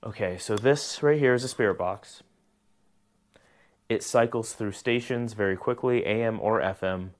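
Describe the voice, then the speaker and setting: A man filming a ghost-hunting vlog alone indoors in an old house, gently reassuring an unseen spirit and sometimes jumping with startled outbursts. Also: fairly low pitch, moderate pace. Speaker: paranormal investigator.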